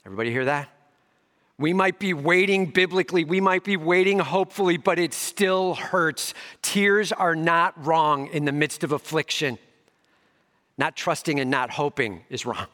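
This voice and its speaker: A man preaching a sermon who swings between emphatic raised passages and hushed soft ones, with casual slangy asides. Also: fairly high pitch, moderate pace. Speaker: pastor. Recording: long hall reverb.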